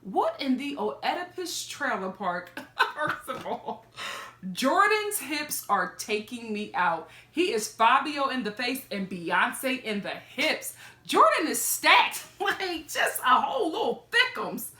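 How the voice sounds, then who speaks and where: Sassy high-voiced woman gossiping. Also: sing-song, slow, pushed and bright, roomy sound. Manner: chatty and sassy, frequent laughs and asides. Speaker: reality TV reaction vlogger. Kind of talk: casual gossipy commentary.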